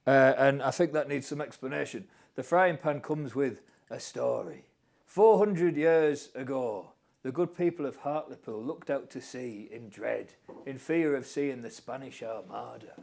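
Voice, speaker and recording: A man co-hosting a comic show, telling a tall tale in a mock-solemn, deadpan way with drawn-out punchlines. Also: medium pitch, gravelly. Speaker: co-host of a comic online show.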